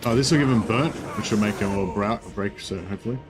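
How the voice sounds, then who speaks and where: A man's voice: fairly low pitch, quick pace, music in the background. A man giving casual, rambling commentary on a strategy game, thinking aloud with many fillers and restarts. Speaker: streamer.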